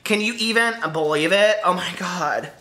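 A woman book vlogger chatting casually to camera in a gushing, excitable way, exclaiming often. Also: medium pitch, normal speed.

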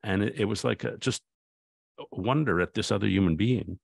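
Man, very deep voice, gravelly, dry close recording, thoughtful storytelling, restarts sentences. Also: normal speed, no echo. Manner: thoughtful, anecdotal, with frequent restarts. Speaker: guest author. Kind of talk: reflective conversation.

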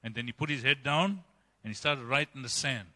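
A male pastor preaching a sermon emphatically, swinging between loud, raised passages and quiet, low ones. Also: a little fast. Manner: emphatic preaching with dramatic swings in pitch and loudness. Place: church. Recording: long church-hall reverb.

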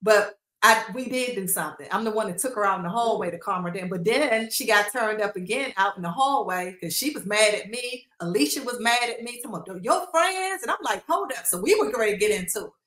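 A woman's voice: medium pitch, brisk, few pauses. A woman recounting reality show drama as a guest, animatedly acting out quotes. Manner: animated retelling with acted quotes. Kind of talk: casual interview storytelling. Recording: roomy echo.

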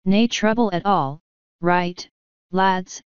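A woman's voice: mid-range voice, slow pace, clean tone, dry recording, close to an everyday voice. A woman voicing a proud, blustering little fairy man who loves a fight, in a dull lo-fi audiobook recording.

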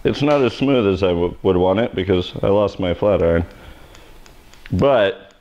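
Wisecracking low-voiced stylist, lively delivery. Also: male voice, moderate pace, highs cut off. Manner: wisecracking, self-mocking, blunt. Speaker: hairstylist host of live haircutting show. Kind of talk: live haircut tutorial with joking banter.

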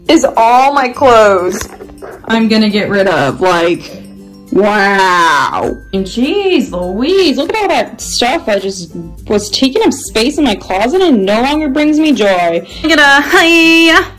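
Young woman vlogger from California, bright higher voice, playful and chatty, soft music under her. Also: rough recording. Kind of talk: casual vlog chat.

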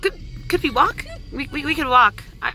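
A woman's voice: high-pitched, expressive, normal speed, pushed and bright, faint music behind. A middle-aged woman chatting casually to camera for her vlog, anxious and exclaiming often. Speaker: vlogger.

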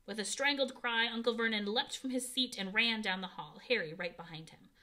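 Bright-voiced woman reading a story aloud. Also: on the high side, fairly quick. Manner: expressive reading with voiced dialogue. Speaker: audiobook reader.

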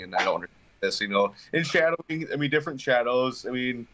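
A man talking in a relaxed podcast chat as a guest hunter, starting sentences over and stumbling through his thoughts. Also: mid-range voice, rough recording. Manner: halting, frequent restarts and fillers. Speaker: pro staff hunter guest.

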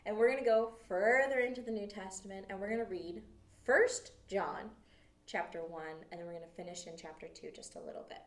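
A woman teaching a children's Bible lesson, telling the story in an animated, expressive way. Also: medium pitch, normal speed, gravelly. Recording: echoey room, mic at a distance.

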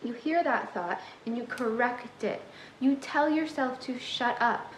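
A woman's voice: fairly high pitch, measured pace, roomy sound, a little hiss or hum, low-quality recording. A young woman who coaches manifestation, giving a sassy, tough-love motivational talk straight to her viewers.

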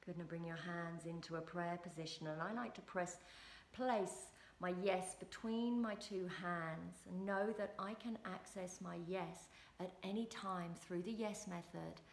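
A woman, a relationship coach and yoga teacher, guiding listeners through a movement and breath practice. Her calm instructions build into loud rhythmic chanting. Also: lowish voice, a little slow, vocal fry, roomy sound, a little hiss or hum.

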